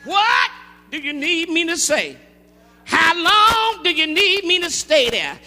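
Man, pastor, very high voice, piercing bright tone, shouted rhythmic sermon, long hall reverb. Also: expressive, slow pace. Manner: rising into shouted, rhythmic preaching. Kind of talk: call-and-response sermon. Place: large church sanctuary.

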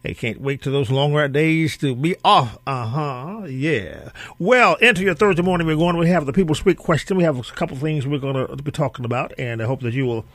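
A man's voice: on the high side, lively intonation, a little fast, few pauses, a bit bright, no echo. Chatty male talk radio host. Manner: loose, conversational, with frequent fillers and repeats. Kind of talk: community talk radio monologue. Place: radio studio. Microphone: studio microphone.

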